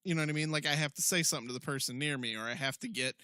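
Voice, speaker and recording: Co-host type: mid-pitched man with a bright edge, talkative and profane, dry close mic. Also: very fast, clean tone, dry recording. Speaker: podcast co-host. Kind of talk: casual chat.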